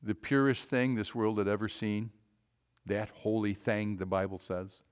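A man preaching a sermon, with emphatic calls that swing to quiet, low asides. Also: unhurried, clean tone.

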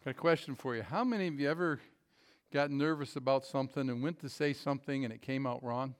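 A middle-aged pastor preaching a sermon in a folksy, self-deprecating way, with halting restarts and a joke story told to the congregation. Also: male voice, medium pitch.

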